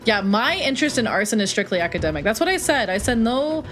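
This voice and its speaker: A woman's voice: fairly high pitch, big pitch swings, fast, fairly bright tone, soft background music. A young woman streaming a retro game, chatting casually, joking and answering chat. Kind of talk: casual live-stream chat while playing.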